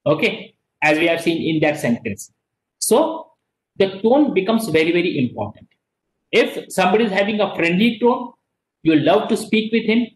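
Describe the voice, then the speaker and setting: A man with an Indian English accent teaching a class, explaining slowly with many repetitions and frequent "okay"s. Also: sits high, big pitch swings, roomy sound, poor audio. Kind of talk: classroom lecture.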